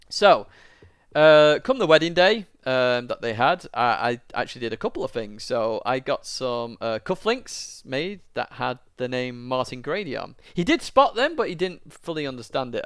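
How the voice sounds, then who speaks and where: A man's voice: mid-range voice, a bit bright, clear, resonant tone, dry recording, clean studio sound. A young man, a YouTuber, telling a long personal story to camera in a rambling, casual way. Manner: rambling, lots of fillers, tearing up at moments.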